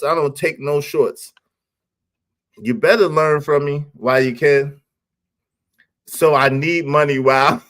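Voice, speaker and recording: Animated man hosting a live stream. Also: a little high. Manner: animated, teasing, laughs often. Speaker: livestream host. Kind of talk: casual live stream chat.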